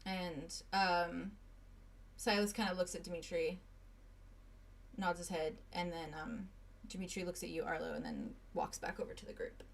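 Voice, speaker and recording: A woman narrating a tabletop game as game master, in a relaxed way with many fillers. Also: on the low side, normal speed, a little hiss or hum.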